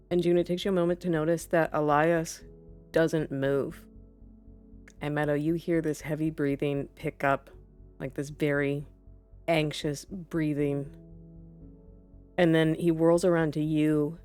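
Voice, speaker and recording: A woman's voice: sits low, flat delivery, unhurried, darkish tone, clear, resonant tone, soft background music. A woman narrating a tabletop game as game master, describing scenes vividly in the second person.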